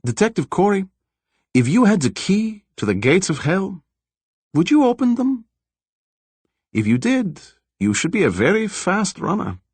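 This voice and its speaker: A man voicing a calm, lecturing laboratory scientist with a slight foreign accent, explaining things patiently in an audiobook. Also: mid-range voice, dry recording, pitched above the performer's own voice. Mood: ominous. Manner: measured, explanatory, politely evasive. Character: middle-aged male lab director, soft-spoken, lecturing, with a slight foreign accent.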